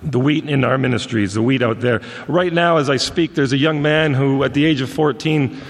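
A ministry leader from Montreal, appearing as a guest speaker, tells stories in a folksy, anecdotal sermon talk. He speaks at medium pitch and a moderate pace, with the long reverb of a large hall.

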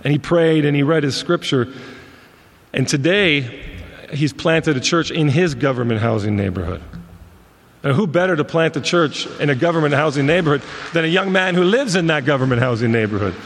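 A man with a fairly high, gravelly voice tells stories in a folksy sermon. His words ring out with the long reverb of a big hall. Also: expressive, moderate pace. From Montreal. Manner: folksy anecdotal storyteller. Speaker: ministry leader and guest speaker. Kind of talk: storytelling sermon talk.

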